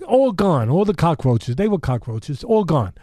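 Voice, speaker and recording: A man's voice: on the high side, very animated, normal speed, mellow, no room sound, studio quality. A man telling a story in a loose, rambling way, full of fillers and restarts, with blunt street-tough talk. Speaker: storytelling guest. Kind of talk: casual spoken storytelling.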